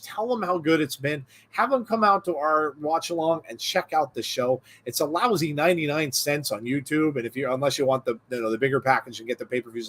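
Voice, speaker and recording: A middle-aged man hosting a podcast, chatting casually and rambling through a long joke with lots of fillers. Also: a little high. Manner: rambling storyteller, many fillers. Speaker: podcast host. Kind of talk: casual chat.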